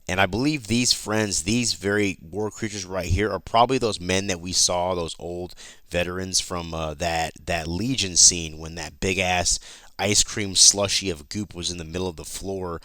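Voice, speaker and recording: A man with a low, deep voice walks through a comic issue in a loose, chatty way. He swears freely and trips over his own sentences. The recording is dry and close, with no room sound. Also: bright, forceful tone, no echo. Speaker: comic book YouTuber. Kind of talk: casual comic recap.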